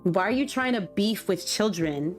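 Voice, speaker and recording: A young woman streamer chatting casually with her live chat while playing a game, excitable and quick to laugh. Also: mid-range voice. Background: faint background music.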